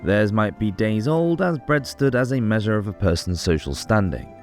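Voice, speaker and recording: Male narrator, scripted history documentary, clear and explanatory, lively intonation, faint music underneath. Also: fairly low pitch, moderate pace. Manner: clear explanatory delivery with casual jokey asides.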